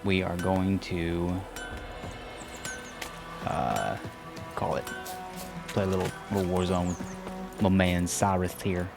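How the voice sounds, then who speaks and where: A man's voice: sits low, slow, gravelly, pauses often, over music. A man giving casual, rambling commentary over a game he is streaming, chatting and joking along with it. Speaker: let's play streamer. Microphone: desk microphone.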